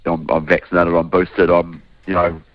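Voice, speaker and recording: A man in his thirties with a New Zealand accent, a politician answering interview questions in a hoarse, croaky voice, earnest and restarting his sentences. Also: sits low, little pitch movement, normal speed, slight background noise. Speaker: politician guest. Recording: dull, dry remote line.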